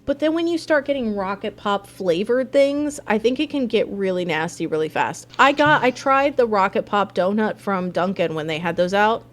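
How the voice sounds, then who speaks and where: Lively, chatty woman streamer. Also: medium pitch, normal speed, hardly any pauses. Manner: chatty, rambling. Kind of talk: live game playthrough chat.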